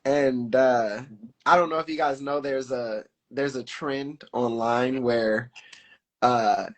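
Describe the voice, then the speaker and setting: A man telling a personal story in casual conversation, animated and full of fillers, acting out the lines of people he quotes. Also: mid-range voice, slow pace. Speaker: podcast guest.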